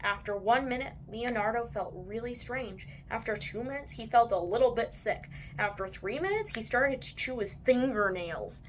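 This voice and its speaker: High-voiced woman reading aloud to kids. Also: moderate pace, hardly any pauses, a little hiss or hum. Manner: expressive, lively read-aloud delivery. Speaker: children's book reader. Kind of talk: reading picture books aloud.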